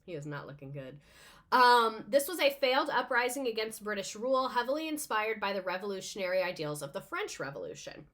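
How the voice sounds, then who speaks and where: A young adult woman, a teacher, reads a history text aloud in a relaxed way. She keeps breaking off with chatty, sarcastic asides and swears freely. Her voice sits at a middle pitch. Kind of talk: casual reading with commentary.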